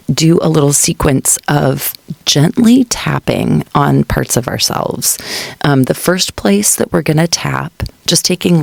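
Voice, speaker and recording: A radio host guiding a meditation show in a relaxed, unhurried way, pausing often with fillers. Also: medium pitch, vocal fry, no echo. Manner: unhurried, thoughtful, many fillers. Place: radio studio.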